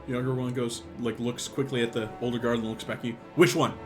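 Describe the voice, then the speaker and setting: A man narrating a tabletop game as game master over an online call, playful and animated. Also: medium pitch, fast, music in the background. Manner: animated, playful, laughing often.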